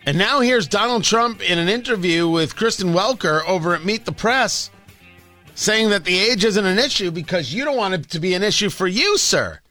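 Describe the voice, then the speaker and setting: A man's voice: high voice, moderate pace, soft background music. A man hosting a talk radio show in an opinionated monologue, sarcastic and emphatic, on a close studio microphone. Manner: sarcastic, emphatic, animated delivery.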